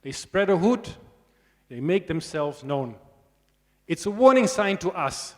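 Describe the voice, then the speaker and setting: A man's voice: high voice, very animated, moderate pace, darkish tone. A man giving a conversational lecture on snakes to students, often checking in with the audience through tag questions and dry asides. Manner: dry humor. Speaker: snake expert giving a conference talk. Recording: long hall reverb.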